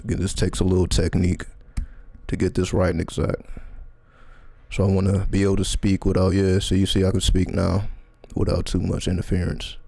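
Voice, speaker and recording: A man hosting a casual livestream outdoors in cold air, talking loosely about numerology and sometimes dropping into a slow, soft delivery. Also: sits low, monotone, gravelly, breathy edge, no room sound. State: mouth burning from spicy candy, runny nose. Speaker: livestream host, numerology speaker. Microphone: handheld or clip mic, adjusting filter.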